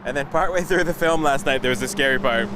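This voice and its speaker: A man's voice: mid-range voice, quick pace. A man in his thirties hosting a live plane-spotting stream outdoors by an airport, chatting and telling family anecdotes. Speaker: livestream host. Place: outdoors near a busy airport. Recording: noisy outdoor livestream audio. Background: traffic and outdoor ambience.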